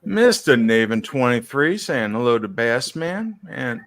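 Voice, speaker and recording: A man's voice: medium pitch, sing-song, unhurried, a bit bright. A man co-hosting a casual coin live stream, greeting viewers in the chat and losing his voice. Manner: greets chat viewers, brief friendly replies. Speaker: co-host.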